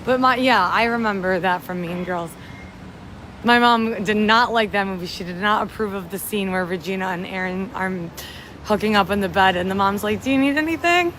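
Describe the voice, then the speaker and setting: A woman's voice: mid-range voice, steady tone, normal speed, fairly bright tone, poor audio. Chatty woman streaming on a city street. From upstate New York. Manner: chatty, rambling, reads out and thanks viewers. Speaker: livestream host. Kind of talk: casual livestream chat. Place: city street at night, outdoors in rain. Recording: street noise under the voice.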